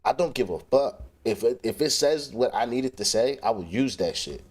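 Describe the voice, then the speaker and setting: A man's voice: medium pitch, expressive, moderate pace, darkish tone, slightly rough. A man chatting casually with viewers on a livestream, loose and profane, reacting to comments between tracks. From northern England. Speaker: livestream host and rapper.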